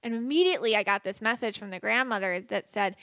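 A woman's voice: mid-range voice, quick pace, a bit bright, no room sound. A woman hosting a podcast, talking casually with many fillers and restarts. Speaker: podcast host and psychic medium. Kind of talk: casual spoken monologue.

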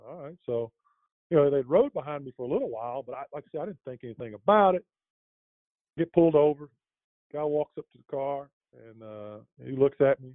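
A man's voice: mid-range voice, animated, fairly quick, no room sound. A middle-aged man telling a long anecdote in a casual interview, rambling with lots of fillers and restarts and chuckling as he goes. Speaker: interview guest. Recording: dry, tinny phone-like line.

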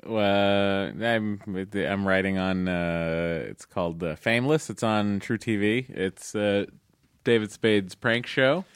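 A man's voice: fairly low pitch, steady tone, slow, clean tone, dry recording, clean studio sound. A man, a comedy writer and guest, chatting casually and playfully with lots of fillers and hesitations.

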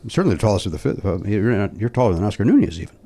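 Wry teasing man with a lively voice. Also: on the low side, very fast, crowd noise. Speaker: podcast co-host. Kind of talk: casual chat and ad read.

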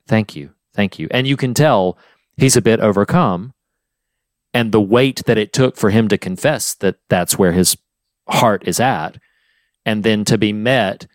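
A man's voice: on the low side, no echo, clean studio sound. A man co-hosting a podcast, talking earnestly and with feeling as he retells a film scene at length. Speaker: podcast co-host. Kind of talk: casual film discussion.

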